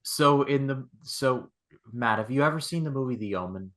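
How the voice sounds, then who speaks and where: Animated male podcast host. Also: medium pitch, normal speed. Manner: animated storyteller who acts out scenes. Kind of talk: casual chat.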